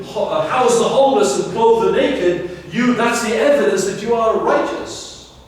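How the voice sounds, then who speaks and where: A man's voice: high voice, animated, normal speed. A man preaching a sermon as pastor, earnest and emphatic, pressing his listeners with rhetorical questions. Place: church sanctuary. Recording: very echoey church, voice from a distance.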